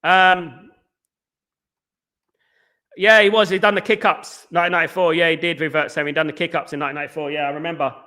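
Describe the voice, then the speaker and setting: A man hosting a live fan stream, talking very fast and answering viewer comments in casual chat. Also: a little high, steady tone, sharp tone.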